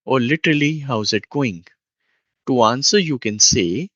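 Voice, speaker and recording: A man teaching a beginner language lesson, speaking slowly and patiently and repeating each phrase for the listener to copy. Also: medium pitch, expressive, fairly bright tone, dry recording. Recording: dull lo-fi dry sound.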